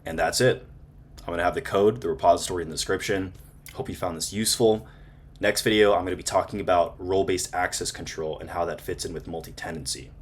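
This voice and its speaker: A man's voice: low-pitched, steady tone, fast talker, breathy edge. A man hosting a programming tutorial, casually talking through code on screen and often checking in with "right?". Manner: casual, fillers and repeated "right?" tags. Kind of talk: screen-share coding walkthrough.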